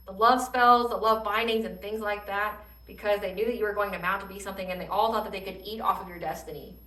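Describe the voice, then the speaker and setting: A woman giving a casual tarot reading in an animated way, swearing freely and laughing often. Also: mid-range voice, fast, reverberant, far from the mic, low-quality recording. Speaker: tarot reader.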